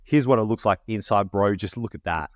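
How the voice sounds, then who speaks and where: A man co-hosting a podcast, telling an animated story in casual, slangy chat. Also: fairly low pitch, fairly quick, dry recording, clean studio sound. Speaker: podcast co-host.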